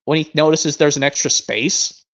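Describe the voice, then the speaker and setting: A man's voice: fairly high pitch, fairly even intonation, a bit bright. A young man streaming a casual chat, rambling and restarting his sentences as he compares versions of a show. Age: young adult. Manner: rambling, restarts sentences, reads narration aloud slowly. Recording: muffled lo-fi stream audio.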